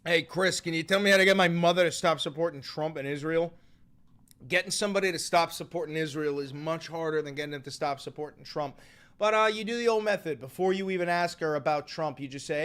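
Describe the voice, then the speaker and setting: Profane, animated male streamer. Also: a little high, fast talker. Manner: crude, animated, swearing a lot. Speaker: streamer host reacting to news clips. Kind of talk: casual profane reaction commentary.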